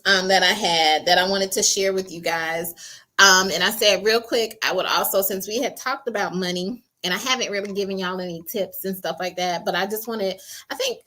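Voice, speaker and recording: A woman hosting a casual livestream, reading viewer comments aloud, chatty and laughing often. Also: mid-range voice. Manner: chatty, laughs often, drops to quiet asides. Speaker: livestream host.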